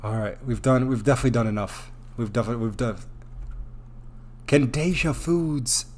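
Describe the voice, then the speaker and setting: A man hosting a crypto live stream, reading viewer messages aloud and thanking them over and over, warm and openly emotional. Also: fairly low pitch, fairly even intonation, rapid-fire. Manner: effusive, repeats thanks, gets emotional. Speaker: crypto livestream host. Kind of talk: live stream chat, reading super chats.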